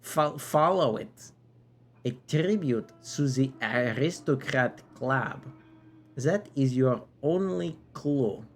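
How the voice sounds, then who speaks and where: A man's voice: medium pitch, drawn-out words, vocal fry, hardly any pauses, dark tone, slight background noise. A man voicing a forgetful old male knight in a bucket helmet, speaking in a grand, archaic way with a shifting silly accent in a game stream. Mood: solemn. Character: aged male Bucket Knight, solemn keeper of promises.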